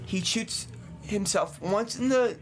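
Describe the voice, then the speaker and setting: A man's voice: high voice, takes it slowly, slight background noise. A man hosting a casual podcast, retelling a true crime story with lots of fillers and laughs. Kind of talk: casual chat.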